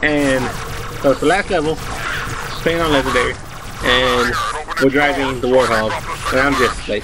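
A man in his twenties rambling through a story while commenting on his gameplay, excitable and swearing freely. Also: mid-range voice, moderate pace, long pauses, noisy background. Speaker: let's play host.

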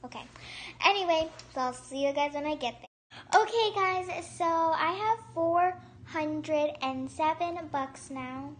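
A woman with a high voice chats her way through a game session, bubbly and quick to gasp or squeal. She rambles and restarts her sentences as she talks to her viewers. Her casual commentary is set against faint background noise. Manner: excitable, gasping and squealing at surprises; chatty and rambling, with many restarts. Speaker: gaming channel host.

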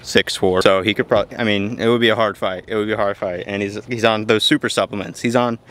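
A man narrating his fishing trip to viewers in a casual, chatty way, jumpy and quick to react. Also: lowish voice, fairly even intonation, a bit bright. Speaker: fishing vlogger. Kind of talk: casual outdoor vlog narration. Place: outdoors by an overgrown canal.

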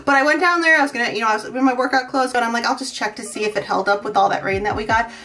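Minnesotan woman vlogger, higher voice, rambling chat with lots of "like", mic set back, soft music under. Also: very fast, recorded from a distance. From Midwest US. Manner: rambling, conversational, lots of "like" fillers. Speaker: beauty vlogger. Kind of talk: chatty get-ready-with-me vlog. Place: home.

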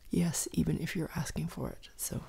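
A woman guiding a meditation in a soft, slow, often whispered voice. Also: sits low, gravelly, slightly rough. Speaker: meditation guide. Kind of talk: guided meditation.

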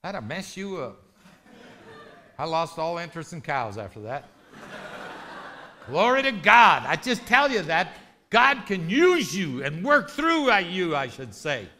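A man preaching a lively testimony sermon, telling a story with shouts and laughter. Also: on the high side, unhurried, long pauses. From rural ranch background.

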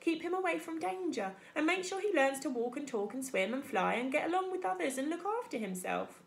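A woman voicing a blunt, motherly old female goose who talks in a brisk, scolding way, reading a storybook aloud. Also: high voice, expressive, creaky, pitched above the performer's own voice.

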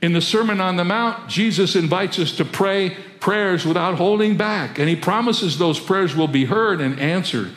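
Older preacher in an echoing sanctuary. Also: male voice, sits high, moderate pace, hardly any pauses. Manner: animated storytelling, chuckling. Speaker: pastor. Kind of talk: sermon. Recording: roomy echo.

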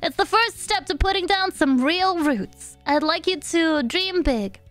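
A woman's voice: very high voice, lively intonation, a little slow, a bit bright, faint music behind, heavily acted. A woman reading the lines of a cheerful male raccoon businessman aloud from a game. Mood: salesy. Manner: reads game dialogue aloud, formal and salesy.

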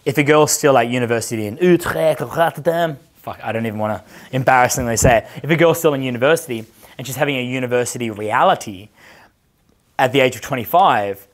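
A man in his thirties talks to a live audience as a dating coach, loose and brash, his speech full of swearing and anecdotes. His pitch sits in an ordinary middle range for a man. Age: 30s. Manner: brash, profane, storytelling. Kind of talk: casual seminar talk with audience questions.

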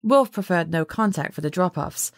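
A woman narrating an audiobook in first person with steady, measured storytelling. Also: fairly low pitch, no room sound, clean studio sound.

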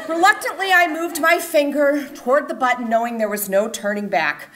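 A middle-aged woman reading her own personal essay on stage with expressive comic timing. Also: high-pitched, moderate pace, a little hiss or hum. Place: event stage before an audience.

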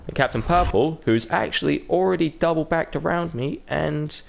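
A man with a fairly high, creaky voice commentates his gameplay at a moderate pace. As a gaming YouTuber, he keeps things casual and laid-back, cursing heavily and mimicking others, while noticeable background noise sits behind him.

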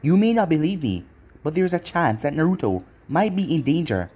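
A man's voice: on the high side, big pitch swings, normal speed, a little mellow, breathy edge. A man voicing an earnest adult female ninja in a fan-made story reading, speaking in a pleading, sincere way.

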